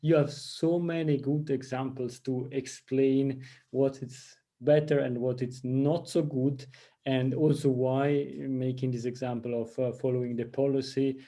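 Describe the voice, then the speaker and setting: Mellow-voiced man hosting an interview. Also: medium pitch, level tone. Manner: halting, searching for words. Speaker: interview host. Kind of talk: casual chat.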